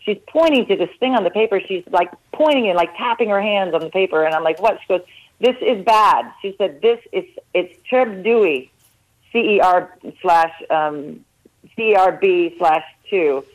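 A woman's voice: fairly low pitch, normal speed. A woman calling into a radio show and earnestly telling her own story, acting out the conversations she had. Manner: earnest, animated retelling with quoted dialogue. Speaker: caller. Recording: phone line.

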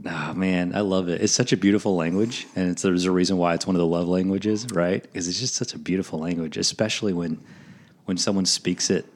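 Male podcast host, very low voice, eager and chatty, casual interview. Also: fairly even intonation, a little fast. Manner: enthusiastic, rambling with fillers.

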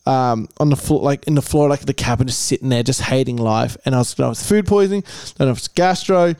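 A man's voice: medium pitch, fast talker, a little mellow, clear, resonant tone, dry recording, clean studio sound. A man co-hosting a podcast, telling a rambling, sweary story in casual chat. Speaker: podcast co-host.

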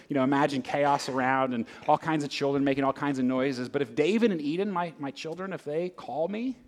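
A man's voice: fairly high pitch, breathy edge. Conversational middle-aged male preacher. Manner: conversational, with frequent asides and rhetorical questions. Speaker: pastor. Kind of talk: sermon.

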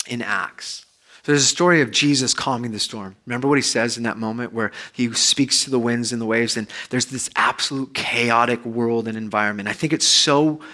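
A man, a pastor, preaching a conversational sermon that swells loud and high, then drops soft and low. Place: church.

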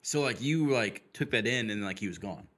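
A man's voice: fairly low pitch, animated, moderate pace, a bit bright. A man co-hosting a casual podcast chat, prompting the host with questions and short amazed replies.

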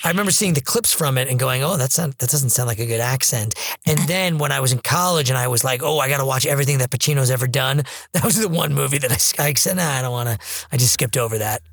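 A man's voice: medium pitch, fast talker, vocal fry, no echo, clean studio sound. A man co-hosting a podcast, telling rambling nostalgic stories about movies. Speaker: podcast co-host. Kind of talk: casual movie chat.

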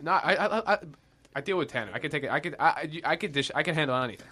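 Young man, bright voice, animated pitch, stammering, defensive radio banter. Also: very fast. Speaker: radio show co-host. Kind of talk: casual sports radio banter.

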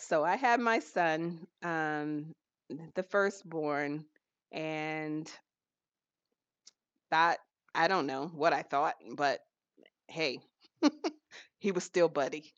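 A woman's voice: deep voice, slow, long pauses, no echo. A woman in her forties co-hosting a podcast, chatting playfully with laughter and emphatic asides. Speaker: podcast co-host. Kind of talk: casual chat. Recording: dull lo-fi dry sound.

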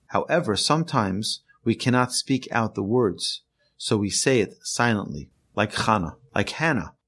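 A man, a rabbi, teaching an earnest podcast lesson and telling stories with emphasis. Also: mid-range voice.

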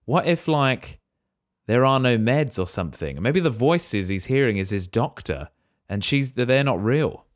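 A man's voice: medium pitch, animated, measured pace, dry recording, studio quality. A man co-hosting a podcast, reacting to a story with wry jokes. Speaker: podcast co-host. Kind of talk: casual chat.

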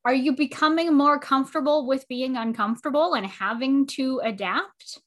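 A woman's voice: sits high, moderate pace. A woman producer interviewing a podcast host, friendly and playful in her questions. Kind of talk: casual conversational interview.

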